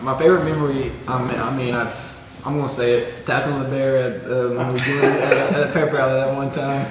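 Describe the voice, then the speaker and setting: A teenage boy, a high school football player, answering in a halting way that often restarts. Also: flat delivery, crowd noise. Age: teens. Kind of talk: casual interview answer. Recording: echoey hall.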